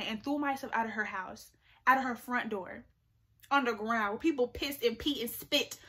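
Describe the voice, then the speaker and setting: A young woman vlogger telling a story in an animated, chatty way, full of "like" fillers. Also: on the high side, a little fast, husky. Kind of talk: storytime vlog.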